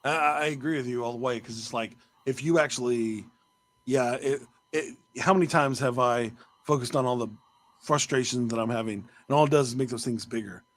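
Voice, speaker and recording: A man's voice: medium pitch, brisk. Playful rambling male podcast host. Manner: playful, self-mocking, rambling. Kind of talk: casual interview chat.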